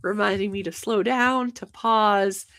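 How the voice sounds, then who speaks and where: A young woman hosting a casual livestream show, talking fast and energetically with many fillers. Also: mid-range voice, fairly even intonation, a bit bright. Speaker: host of a banking livestream show.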